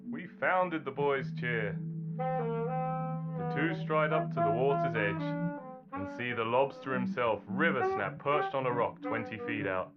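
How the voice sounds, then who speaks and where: A man narrating a storybook tale in an animated, theatrical manner. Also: medium pitch, unhurried. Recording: dull recording under loud guitar music.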